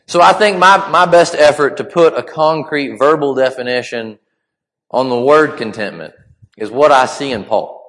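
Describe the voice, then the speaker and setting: A man delivering a sermon in a conversational, halting way with frequent restarts. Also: mid-range voice, fairly bright tone. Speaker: preacher. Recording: long hall reverb.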